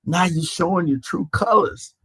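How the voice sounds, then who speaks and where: Stream host, male, slightly high husky voice, animated, mocking and profane, repetitive restarts. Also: moderate pace, no room sound. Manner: mocking, profane, repeats phrases with stammered restarts. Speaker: online panel host. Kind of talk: heated live-stream rant.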